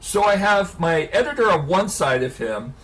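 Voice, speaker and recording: A man's voice: high-pitched, moderate pace. A man telling a long story on a casual hangout stream, laughing and swearing as he goes. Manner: profane, laughing, animated storyteller.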